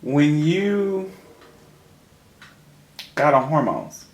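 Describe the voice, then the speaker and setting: A man's voice: a little high, very animated, extremely slow. Probing male interviewer, roomy sound. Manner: probing, long winding questions. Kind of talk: interview questions.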